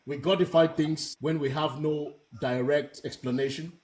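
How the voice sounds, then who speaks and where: A man with a high voice leads a live panel discussion. He talks bluntly and with heat, hammering his points home by saying them again and again. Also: fairly even intonation, moderate pace, darkish tone. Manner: blunt, emphatic, repeats himself. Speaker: host.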